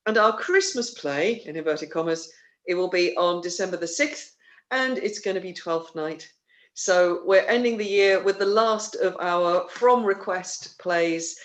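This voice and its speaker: A theatre company host with a high, somewhat bright voice talks a little slowly over a video call. His casual livestream announcements for the online theatre show are chatty and rambling, with many fillers and restarts.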